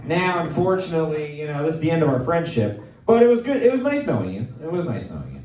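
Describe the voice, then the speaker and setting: A man hosting a live comedy show, rambling and joking through quick asides with his guests. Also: on the high side, big pitch swings, a little mellow, reverberant, distant mic, soft background music. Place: comedy venue with live audience.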